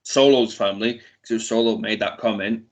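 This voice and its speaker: A man's voice: lowish voice, steady tone, brisk. A man, co-hosting a casual wrestling chat, giving short, offhand picks and speculating about storylines. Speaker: podcast co-host.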